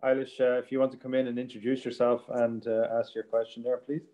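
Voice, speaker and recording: A man's voice: medium pitch, little pitch movement, fast talker, dark tone, highs cut off. A man moderating a video-call Q&A with a friendly, hesitant manner full of fillers. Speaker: moderator reading out questions.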